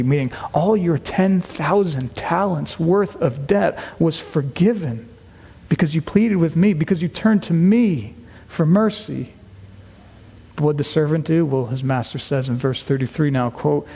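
A man preaching a sermon to his church, earnest and emphatic, slowing down to stress key words. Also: a little high, warm tone, breathy edge. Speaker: pastor. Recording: long reverb of a large hall.

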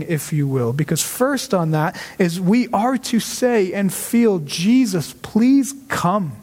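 High-voiced pastor preaching in a reverberant church. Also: male voice, a little mellow. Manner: conversational, frequent rhetorical "right?", slows for emphasis. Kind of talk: sermon. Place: church sanctuary.

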